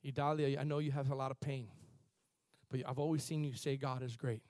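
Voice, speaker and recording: A man preaching a sermon as pastor, building from quiet, halting passages to loud, impassioned peaks. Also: mid-range voice, steady tone, dry recording, clean studio sound.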